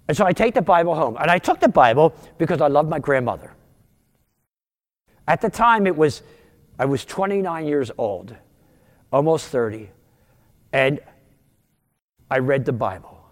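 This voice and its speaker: A man in his sixties from outside Philadelphia, telling his conversion story as a sermon testimony, with animated, storytelling delivery. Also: in a large hall. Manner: animated storytelling, wide pitch swings, rising for punchlines. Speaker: guest speaker giving testimony.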